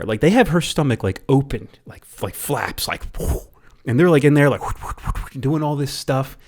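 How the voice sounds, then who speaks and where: A man reviewing a movie in a casual rant, rambling and often stumbling over and repeating his words. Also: mid-range voice.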